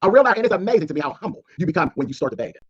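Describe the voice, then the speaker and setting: A man's voice: high-pitched, big pitch swings, very fast, husky, lo-fi sound. A man delivering a sassy, scolding call-out rant as a streamer, mocking his target. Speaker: commentary streamer.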